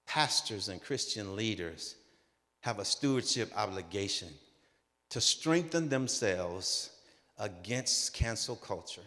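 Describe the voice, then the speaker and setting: A man in his sixties telling a personal story at a conference, animated and acting out the dialogue. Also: on the low side, takes it slowly. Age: 60s. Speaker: conference speaker. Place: conference hall. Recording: long reverb of a large hall.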